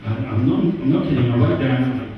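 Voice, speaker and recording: Animated English stand-up in a pub. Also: male voice, moderate pace, slight background noise. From England. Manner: animated, jumps into high voices for characters. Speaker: stand-up comedian. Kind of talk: stand-up comedy set. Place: pub stage. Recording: distant, roomy and muffled pub recording.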